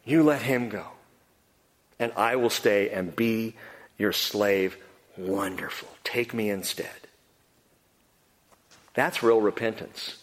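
A man preaching a sermon, earnest and emphatic, swinging between quiet and loud. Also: medium pitch. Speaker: pastor. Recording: long hall reverb.

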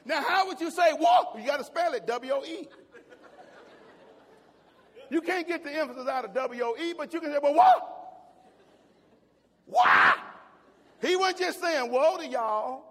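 A male pastor preaching a sermon in a church, switching between shouted exclamations and folksy jokes. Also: very high-pitched, moderate pace, pauses often, a faint crowd. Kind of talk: fiery sermon. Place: church sanctuary. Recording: long church-hall reverb.

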